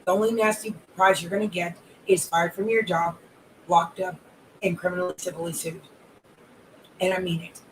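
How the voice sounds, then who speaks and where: Calmly enraged coach with piled-up lists. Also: medium pitch, normal speed, pauses often, slight background noise, poor audio. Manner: controlled anger, long repetitive lists of grievances. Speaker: life and wellness coach. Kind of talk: live audio-room monologue.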